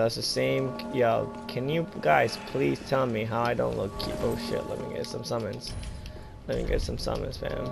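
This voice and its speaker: A drunk man giving profane, excitable, slangy commentary while playing a video game, with game music behind him. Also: mid-range voice, creaky. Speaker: gamer playing live.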